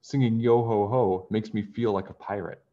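A man's voice: lowish voice, fairly even intonation, moderate pace, highs cut off, natural voice. A man voicing a blustery pirate captain. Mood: bossy. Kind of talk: storybook character voice.

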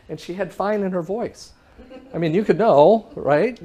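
A man giving a talk, telling a story in a lively way and acting out both sides of a phone call, often laughing and pausing for the audience. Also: high-pitched. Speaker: public speaker.

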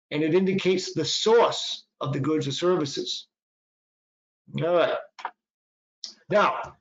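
Boston-accented man lecturing, echoey lo-fi. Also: fairly high pitch. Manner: conversational, frequent fillers and self-corrections. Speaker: patent attorney. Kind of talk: webinar presentation. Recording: echoey, dull lo-fi sound.

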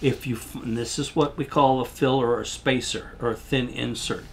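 A man's voice: medium pitch, fairly even intonation, normal speed, slight background noise. An older man giving a rambling, folksy product demonstration as a shoe salesman, losing his voice and coughing now and then.

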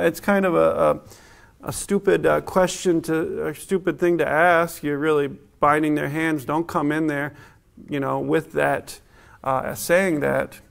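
A man's voice: on the high side, creaky. A middle-aged man preaching a sermon as a pastor in a church, in a conversational way, laughing often and acting out what people say.

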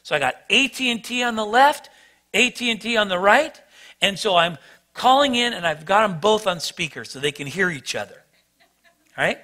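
Brief: male pastor, high bright voice, lively self-deprecating storyteller. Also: moderate pace. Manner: animated, self-mocking storyteller. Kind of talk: sermon storytelling.

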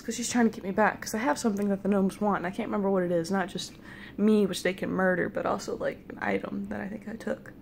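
A woman's voice: mid-range voice, steady tone, fast talker, vocal fry, a little hiss or hum. A young woman casually telling a long, rambling dream story, mimicking people's voices as she goes, snacking between lines. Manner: rambling, playful, quotes people in put-on voices; eating jelly beans while talking. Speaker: vlogger.

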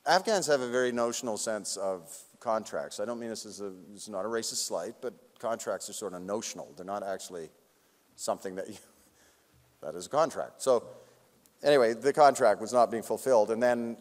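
A man telling a long, animated anecdote at a public talk, laughing often and acting out other people's lines. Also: on the low side, a little fast. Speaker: award recipient speaking on stage. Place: large auditorium. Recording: long hall reverb.

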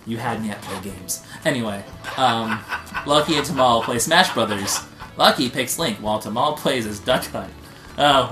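A young man streamer giving a comic reading of fan fiction, rambling and breaking off to joke and laugh. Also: mid-range voice. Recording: echoey room with faint music.

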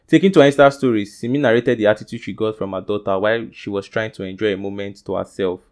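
Fast-talking and steady in tone, this Nigerian-accented gossip vlogger reads the celebrity stories casually in a lowish, darkish voice, tossing questions out to his audience.

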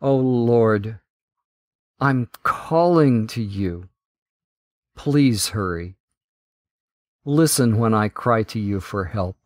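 Slow, measured male Bible reader. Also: fairly low pitch, expressive, no echo, clean studio sound. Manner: measured, deliberate reading. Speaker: Bible reading podcast host. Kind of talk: slow scripture reading.

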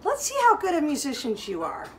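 A woman music teacher leading a lesson for young children, speaking clearly and encouragingly and chanting rhythm syllables for them to copy. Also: high voice, huge pitch swings, brisk, slight background noise.

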